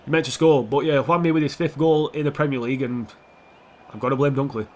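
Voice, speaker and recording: A man's voice: medium pitch, fairly even intonation, fast talker, darkish tone, slight background noise. A young man giving casual, sweary, sarcastic commentary over a football video game, talking back at the players on screen. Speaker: gaming YouTuber.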